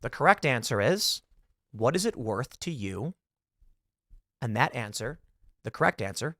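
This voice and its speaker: A man's voice: medium pitch, vocal fry, pushed and bright, no room sound, studio quality. A male host giving a casual commentary monologue, telling stories theatrically and throwing out rhetorical questions.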